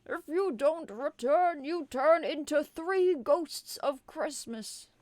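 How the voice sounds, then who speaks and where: A woman doing a booming, blunt old Santa. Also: slow pace, darkish tone, no room sound. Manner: booming, broken English.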